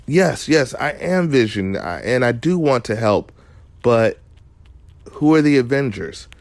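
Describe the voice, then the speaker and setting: A man voicing an earnest, polite male android hero who speaks in a measured, courteous way. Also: medium pitch, big pitch swings, gravelly, a little mellow, no room sound, voice pushed up.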